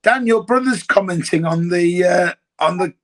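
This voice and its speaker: A man's voice: high voice, moderate pace, poor audio. A man hosting a live virtual signing, chatting casually and guiding the guest through the autographs. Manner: friendly, runs the signing, chatty.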